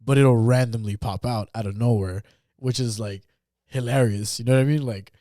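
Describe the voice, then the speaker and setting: A man hosting a podcast in casual chat, relaxed and profane, laughing along with the others. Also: mid-range voice, normal speed, no room sound, studio quality. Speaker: podcast host.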